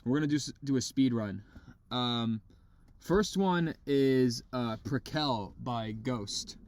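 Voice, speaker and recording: A man co-hosting a podcast from a parked car, chatting casually and excitedly about albums, swearing freely. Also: mid-range voice, slow, no room sound. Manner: excitable, swears, imitates vocals. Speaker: podcast co-host. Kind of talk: casual chat.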